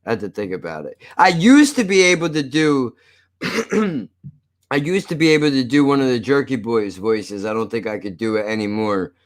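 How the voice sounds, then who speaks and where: A male streamer chatting casually into a desk microphone. He jokes and swears freely and often breaks into laughter. His pitch sits in the middle of the male range. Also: big pitch swings, moderate pace. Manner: profane, joking, laughs often. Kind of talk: casual live-stream chat.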